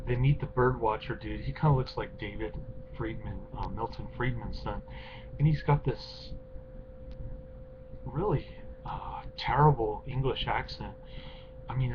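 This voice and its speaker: A man giving a casual, unscripted film review, rambling and offhand with lots of ums and uhs. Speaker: movie reviewer. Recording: dull lo-fi recording with clear background rumble.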